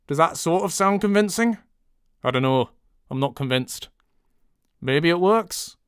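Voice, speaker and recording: A man's voice: a little high, animated, measured pace, a bit bright, clean tone, no echo, studio quality. A man from Surrey with a Southern English accent, chatting casually during a livestreamed audiobook session and teasing himself about his accent attempts. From Surrey, England. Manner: chatty, self-deprecating, tries out voices. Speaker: audiobook narrator and author. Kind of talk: casual livestream chat while recording.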